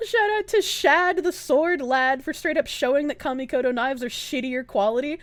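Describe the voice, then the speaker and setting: A woman streamer ranting fast and heatedly during a live stream, swearing often and breaking into laughter. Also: high voice, no echo.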